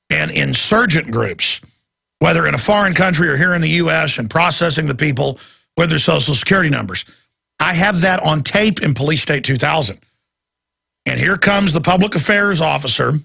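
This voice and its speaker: Brief: gravelly male talk radio host, forceful, intense and ranting, on a studio mic. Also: on the high side. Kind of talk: impassioned talk radio monologue.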